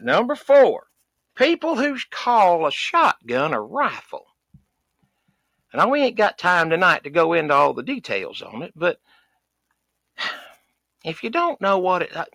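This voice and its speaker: A man's voice: on the high side, sharp tone, no room sound, full character voice. A man playing a cranky, folksy middle-aged duck hunter, ranting in a comedy podcast. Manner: folksy, exasperated ranting with sighs and country grammar. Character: loud rural Southern male duck hunter, cranky, folksy. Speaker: recurring comedy character.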